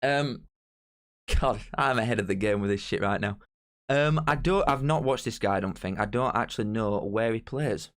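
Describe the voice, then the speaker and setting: A young man chatting casually on a live stream as host, excitable and bantering straight to his viewers. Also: on the low side, moderate pace. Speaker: streamer hosting a live watch-along.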